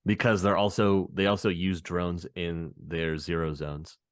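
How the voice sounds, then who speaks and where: A man co-hosting a casual podcast, explaining game lore in an animated way. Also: low-pitched, unhurried, no room sound, clean studio sound.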